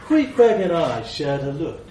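Male narrator, slow and wry, wide-ranging delivery; roomy, distant sound with faint hiss. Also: on the high side, very animated, dark tone. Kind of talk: first-person story reading.

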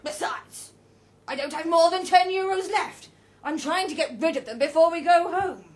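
A woman reading a story, voicing a fussy, irritable middle-aged man who snaps and shouts in disdain. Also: extremely high pitch, slow pace, pitched above the performer's own voice, full character voice. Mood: defensive. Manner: loud, snappish and disdainful. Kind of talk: audiobook character voice.

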